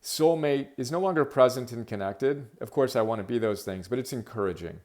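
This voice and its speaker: A middle-aged man hosting his own podcast, talking solo in an energetic, emphatic, rambling way with many fillers. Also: mid-range voice, brisk. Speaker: podcast host. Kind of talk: casual solo monologue.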